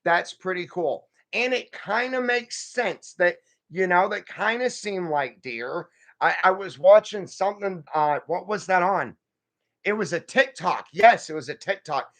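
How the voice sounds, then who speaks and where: A man's voice: high-pitched, animated, measured pace, fairly bright tone. A man hosting a casual live stream, rambling and folksy as he reads out viewer comments and answers them. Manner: folksy, calls viewers friend and y'all.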